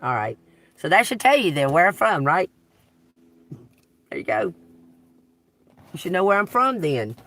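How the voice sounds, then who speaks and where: A woman's voice: fairly low pitch, sing-song, measured pace, pauses often, fairly bright tone. Brief: Southern woman tarot reader, blunt and cussing, voice that leaps up and down. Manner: blunt, profane, swings between drawl and outbursts. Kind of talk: unscripted video rant to viewers.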